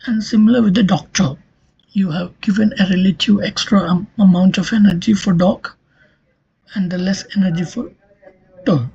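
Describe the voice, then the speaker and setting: Lecturer, very breathy husky tone, slow deliberate explaining, dull lo-fi recording. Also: medium pitch, mellow. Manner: slow, step-by-step explaining with frequent "okay" check-ins. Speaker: linguistics lecturer.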